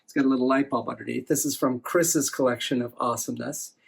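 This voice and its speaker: A man's voice: medium pitch, steady tone, quick pace, vocal fry, husky. An enthusiastic man presenting a science demonstration, explaining optical illusions to a partner. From USA. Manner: enthusiastic, upbeat.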